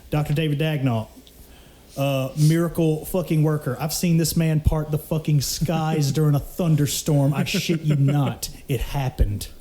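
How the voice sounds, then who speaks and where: Profane, laughing young man telling stories. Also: a little high. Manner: animated, profane storyteller with laughs. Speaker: podcast co-host. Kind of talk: casual storytelling chat.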